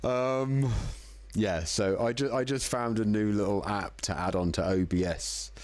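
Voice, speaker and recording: A man's voice: on the low side, a little slow, dry recording. A man hosting a casual live music-making stream from home, chatty and self-deprecating, a little tipsy. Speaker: livestream music producer host. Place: home room in the evening.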